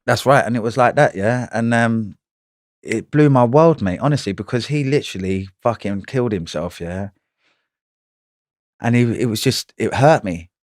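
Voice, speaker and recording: A man's voice: medium pitch, normal speed, no room sound, clean studio sound. A man, telling prison stories in a casual interview, in heavy slang with frequent swearing and "you know what I mean".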